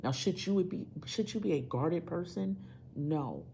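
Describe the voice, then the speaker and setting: A woman's voice: lowish voice, lively intonation, unhurried, gravelly, warm tone, a little hiss or hum. A woman doing a tarot reading, speaking emphatically and repeating phrases to drive her points home. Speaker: tarot reader.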